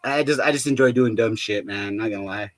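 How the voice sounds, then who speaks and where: A man's voice: on the low side, fairly quick, dry recording. A young man vlogging in a rambling, profane, joking monologue, laughing often and full of fillers. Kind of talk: rambling casual monologue to camera.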